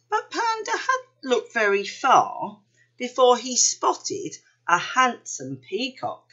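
Slow, expressive woman reading a picture book. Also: on the high side, muffled recording. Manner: gentle, expressive read-aloud. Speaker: storybook reader.

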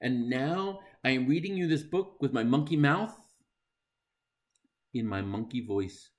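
Middle-aged man, animated read-aloud for kids, slow and wildly expressive, silly sounds. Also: mid-range voice. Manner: playful, mock-dismayed, bursts of silly sounds. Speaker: reader of a children's book.

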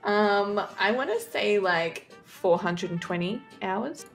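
A woman's voice: mid-range voice, slow pace. A woman, a guest in a casual stream podcast, bubbly and playful, swearing casually. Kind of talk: casual chat. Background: faint music.

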